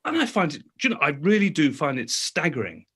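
A man's voice: a little high, sing-song, brisk, bright, forceful tone, husky. A man speaking as a talk show guest, emphatic and indignant, often restarting his sentences. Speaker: guest commentator.

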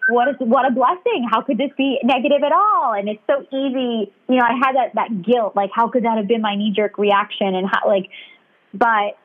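Young woman, chatty and candid, fairly high voice, narrow phone-like audio. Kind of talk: candid casual chat. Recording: tinny phone-like sound.

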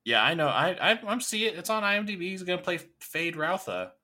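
A man's voice: sits high, very animated, a little fast, bright, forceful tone. A man co-hosting a podcast, chatting casually about films with lots of fillers and restarts. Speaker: podcast co-host. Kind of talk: casual movie chat.

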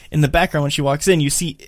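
A man co-hosting a casual film-discussion podcast, recapping scenes in an animated way. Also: fairly high pitch, fast, no room sound, clean studio sound. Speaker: podcast co-host.

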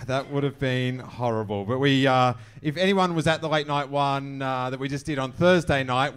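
A man hosting a live podcast in front of an audience. He is jokey and animated, and introduces guests like a showman. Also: a little high, clear, resonant tone. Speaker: podcast host. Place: live venue before an audience.

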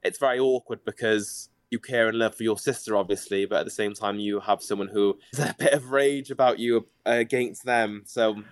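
A man's voice: fairly low pitch, steady tone, fairly quick, few pauses, no room sound. A man in his twenties with a Welsh accent, a podcast guest openly and chattily telling his personal story. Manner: open and chatty, with frequent fillers.

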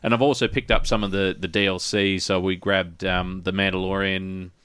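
A man's voice: deep voice, little pitch movement, normal speed, a bit bright, clean tone, no echo. A man hosting a casual gaming podcast, rambling with many restarts and fillers. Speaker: podcast host. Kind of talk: casual chat.

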